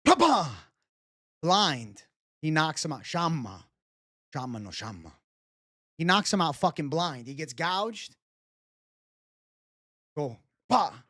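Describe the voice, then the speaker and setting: A dazed male fighter , as a man acts him out, blurts short shouted fragments. His pitch leaps up and down wildly, and the sound is dry. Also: big pitch swings, slow, long pauses, no echo, full character voice. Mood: frantic.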